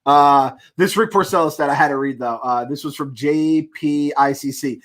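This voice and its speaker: A man's voice: on the high side, normal speed, few pauses, fairly bright tone. A man hosting a casual sports podcast, ranting and swearing in heated frustration. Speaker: podcast host.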